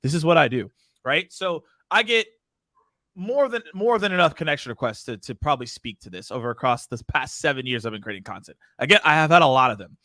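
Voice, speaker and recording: Fast, bright-voiced male host. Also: on the high side, dry recording, clean studio sound. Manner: energetic, joking, emphatic. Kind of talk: casual webinar advice chat.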